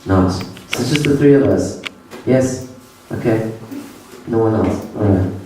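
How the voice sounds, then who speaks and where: A man doing a stand-up comedy set, self-deprecating, with halting restarts. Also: fairly low pitch, warm tone, recorded from a distance, a little hiss or hum. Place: comedy venue with audience. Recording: echoey room from afar.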